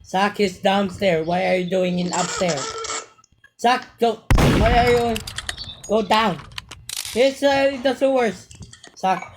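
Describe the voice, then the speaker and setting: Excitable woman gamer, noisy mic. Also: medium pitch, slow pace, pauses often. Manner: excitable, calls out teammates. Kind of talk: casual gameplay chat. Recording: noisy home mic with clicks.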